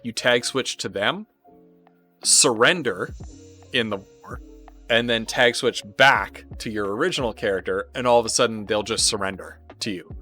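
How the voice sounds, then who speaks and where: A man with a Canadian accent giving casual, rambling live commentary as he plays a strategy game, often pausing on filler words. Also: lowish voice, bright, forceful tone, faint music behind. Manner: rambling, thinking aloud with frequent filler pauses. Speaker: streamer.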